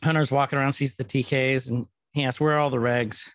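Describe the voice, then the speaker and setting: A man's voice: mid-range voice, steady tone, fast talker, fairly bright tone, no echo, clean studio sound. A man co-hosting a casual podcast, chatting and joking as he recaps an episode. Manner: playful, jokey, retells scenes. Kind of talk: casual chat.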